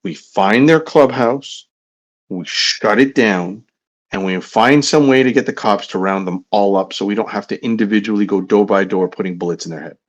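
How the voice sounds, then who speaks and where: A man at a tabletop game speaks deliberately as he lays out a plan. His voice sits a little low. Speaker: player.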